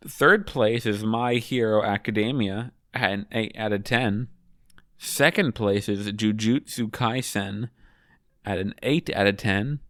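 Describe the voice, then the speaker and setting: A man with a slightly low, smooth, resonant voice rambles through offhand manga commentary, cursing freely. He sounds high and loose, drifting from one thought to the next. The sound is dry and close. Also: no room sound. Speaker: manga chapter reviewer.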